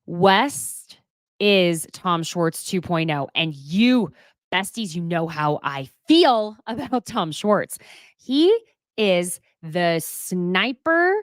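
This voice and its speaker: A woman hosting a casual recap, talking in an animated, sarcastic and emphatic way. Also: on the low side, slow pace, no echo, studio quality. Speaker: host.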